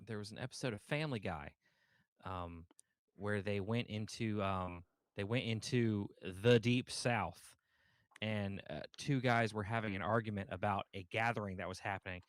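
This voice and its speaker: Halting podcast co-host, dry mic. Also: male voice, lowish voice, no echo. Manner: rambling, halting, many ums and restarts. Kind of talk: casual podcast chat.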